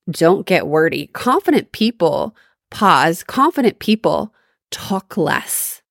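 A woman's voice: medium pitch, no room sound, studio quality. A woman hosting a solo podcast, giving upbeat, emphatic coaching advice on sales calls. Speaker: podcast host.

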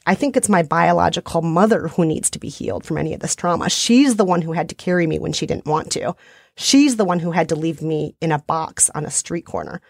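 Husky woman telling a candid story. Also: low voice, a little fast. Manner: earnest, rambling storyteller. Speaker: podcast co-host. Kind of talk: candid casual chat.

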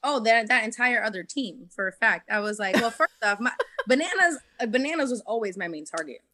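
A woman's voice: fairly high pitch, brisk, no room sound. A young woman guest on a podcast, telling her story in casual chat and acting out what people said. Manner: animated storytelling, acts out quotes. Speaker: podcast guest, reality competitor.

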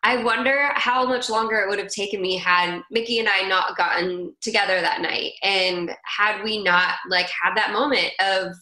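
Bright-voiced woman in a roomy space. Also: mid-range voice, steady tone, normal speed, hardly any pauses. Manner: chatty, lots of "like" and "girl". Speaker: guest, country singer. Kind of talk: casual conversational storytelling. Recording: roomy echo.

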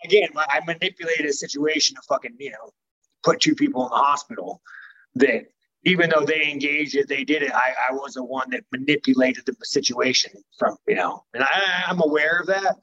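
A man's voice: fairly high pitch, a little fast, pushed and bright, highs cut off. A man speaking as a professional fighter in a casual interview, blunt and profane, rambling with many fillers.

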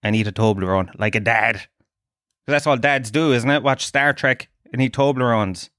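A man rambles through a crude comic monologue as a podcast host, jumping between jokes and voiced quotes. His voice sits at an ordinary middle pitch, recorded close and dry with no room sound. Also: a bit bright, no echo. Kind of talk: comedic monologue.

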